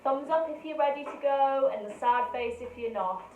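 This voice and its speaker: Friendly woman reading out shout-outs. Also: sits high, normal speed, phone-quality sound. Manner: friendly, practical, runs the camera and chat. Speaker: co-host reading out viewer messages. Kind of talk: live online painting lesson. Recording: echoey room with faint noise.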